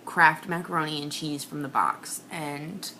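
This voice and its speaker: A young woman rants through a confessional comic monologue, mocking herself as she goes. Her voice is bright and tense. It swings from hushed whispers to high outbursts, over a faint background hiss. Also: unhurried.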